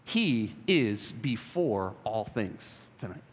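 A man's voice: fairly low pitch, very animated, slow, slightly rough. Man preaching emphatically in a reverberant hall. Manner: emphatic preaching, swings from loud to quiet. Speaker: pastor. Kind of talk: sermon. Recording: long reverb of a large hall.

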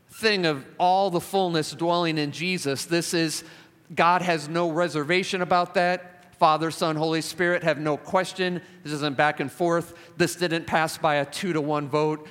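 A male preacher with a somewhat high voice delivers an emphatic sermon. He drives home repeated phrases and builds to fervent climaxes. His voice rings with the long reverb of a large hall. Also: fairly bright tone.

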